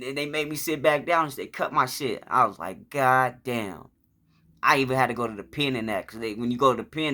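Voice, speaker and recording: Male storyteller, casual profane monologue, bright and sharp voice, mid pitch. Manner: profane, rambling, acts out shouts and quotes. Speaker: vlogger telling his life story.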